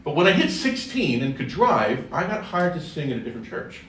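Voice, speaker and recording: A man's voice: fairly high pitch, big pitch swings, brisk, a bit bright, slight background noise. A man from California, a singer giving a chatty, joking public talk with many self-corrections. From California, USA. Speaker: speaker, singer. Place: church hall. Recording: echoey hall, distant mic, faint ambience.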